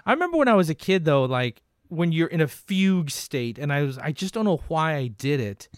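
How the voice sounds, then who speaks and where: A man's voice: a little high, big pitch swings, fairly quick, clear, resonant tone, no room sound, studio quality. A man co-hosting a casual podcast, telling stories animatedly with laughs and swearing. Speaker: podcast co-host. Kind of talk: casual chat.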